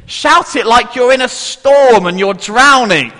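Lively bright-voiced man leading a children's talk. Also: very high-pitched, unhurried, big-room sound. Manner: playful, coaxing the audience to join in. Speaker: church leader giving a children's talk. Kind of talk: interactive children's Bible talk. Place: church hall with a congregation.

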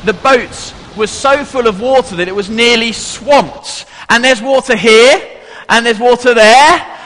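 A man's voice: very high voice, measured pace, fairly bright tone, long reverb tail. A man giving an interactive children's Bible talk to a congregation in church, playful and coaxing everyone to join in.

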